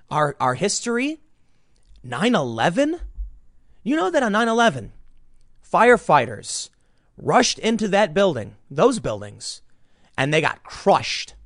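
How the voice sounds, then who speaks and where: A man's voice: mid-range voice, no echo, studio quality. An American man giving emphatic, indignant political commentary, often repeating his words. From United States. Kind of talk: opinion commentary.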